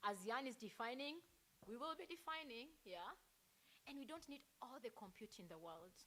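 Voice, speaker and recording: A woman's voice: a little high, lively intonation, normal speed, bright, forceful tone, slight background noise. A woman organizer giving a motivational welcome speech in an earnest, rallying manner. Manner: earnest and rallying, with some restarts.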